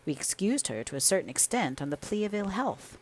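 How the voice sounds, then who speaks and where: A woman with a medium-pitched voice reads a classic novel for an audiobook. Her narration is measured and expressive, in a storytelling style.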